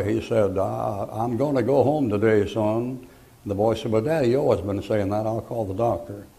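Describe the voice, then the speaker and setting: An older man preaching a sermon, telling folksy stories between loud bursts of preaching. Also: lowish voice.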